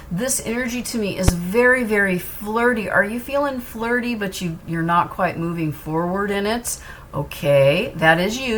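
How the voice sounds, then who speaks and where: A woman with a medium-pitched voice gives a tarot reading to the camera, sounding earnest and reassuring. She repeats phrases for emphasis, and there's slight background noise.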